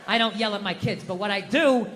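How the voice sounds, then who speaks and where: A man's voice: sits high, brisk, a bit bright, slight background noise. A middle-aged man doing stand-up comedy on stage, ranting and swearing, mocking himself. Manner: profane, ranting, self-deprecating. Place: comedy stage before a live audience. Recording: live venue with long reverb.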